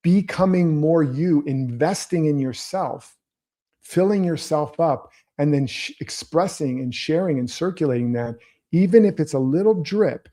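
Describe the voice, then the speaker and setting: A man's voice: on the high side, a little slow, dark tone. A man hosting his own show, giving earnest motivational commentary and coaching his viewers directly. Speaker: host.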